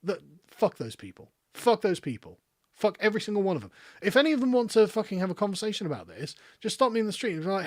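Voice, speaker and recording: Animated, profane English man ranting. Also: high voice, fast talker, no echo, studio quality. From England. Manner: profane, sarcastic, exasperated, laughs mid-sentence. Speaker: political commentary host. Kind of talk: live-stream political rant.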